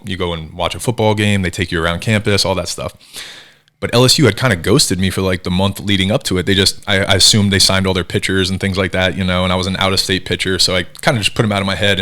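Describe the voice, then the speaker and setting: Fast-talking deep-voiced man from New Jersey. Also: smooth. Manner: animated, acts out quoted voices. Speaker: guest. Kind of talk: casual storytelling interview.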